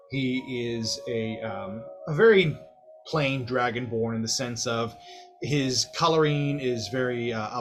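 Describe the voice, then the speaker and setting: Man narrating as game master, with fillers. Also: medium pitch. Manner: relaxed, full of uhs and ums.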